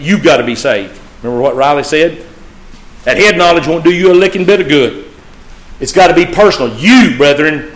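A man preaching a sermon, swinging from loud, emphatic peaks to low, hushed phrases. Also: low-quality recording. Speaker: pastor.

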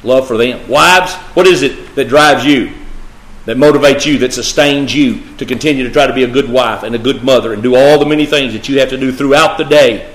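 In an echoey room, a man of medium pitch preaches briskly with a fairly bright tone. He addresses the congregation directly and emphatically, repeating his key phrases.

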